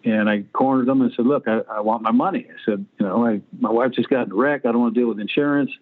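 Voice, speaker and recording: A man's voice: mid-range voice, fast. A man in his sixties, a guest on an interview show, telling stories in a blunt, profane way. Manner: blunt, profane anecdotes with acted-out quotes. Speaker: guest, former pro quarterback. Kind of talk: storytelling interview. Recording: phone-like line.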